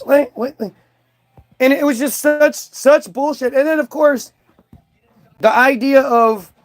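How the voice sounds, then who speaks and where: A male commentator rants through a casual reaction video, his voice sitting high for a man. His tone is sarcastic and scornful as he talks over what he is watching. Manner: ranting, sarcastic.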